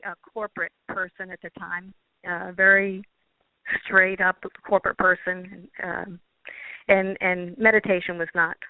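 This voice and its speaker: Woman guest telling her story over the phone, earnest and halting, keeps restarting, thin tinny line, dry sound. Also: lowish voice, dry recording. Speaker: guest, quantum healing practitioner. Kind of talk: casual personal storytelling. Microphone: phone or call line.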